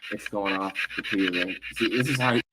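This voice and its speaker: A man investigating the paranormal in a hotel, talking to a spirit and telling his viewers excitedly what is happening. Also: fairly low pitch, quick pace. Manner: addresses viewers, excited and emphatic. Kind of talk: live ghost-hunt commentary. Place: hotel, indoors. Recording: noisy background.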